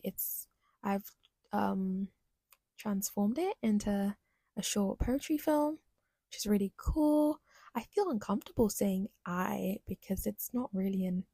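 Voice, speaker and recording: A woman's voice: medium pitch, warm tone, slightly rough, no room sound. A young woman hosting a solo podcast, talking in a rambling, chatty, self-deprecating way. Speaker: podcast host. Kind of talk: casual solo podcast monologue.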